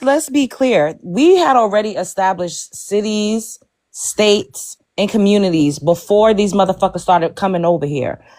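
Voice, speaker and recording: A woman's voice: mid-range voice, a little mellow, no room sound. A woman hosting a heated panel talk, blunt and profane, hammering her points home.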